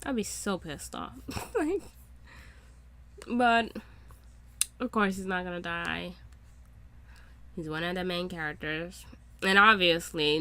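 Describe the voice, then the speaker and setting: A woman giving casual reaction commentary on a show, excitable and swearing freely. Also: lowish voice. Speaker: reaction YouTuber.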